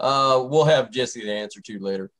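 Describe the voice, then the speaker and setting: A man's voice: medium pitch, normal speed, fairly bright tone, rough recording. A male host of a casual talk radio show, talking loosely with many fillers as he wraps up. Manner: rambling, loose, lots of fillers.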